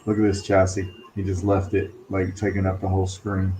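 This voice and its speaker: Low-voiced easygoing man on a livestream. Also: monotone, a little fast, mellow, a little hiss or hum. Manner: easygoing, teasing, laughs often. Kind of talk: casual chat, reading viewer comments.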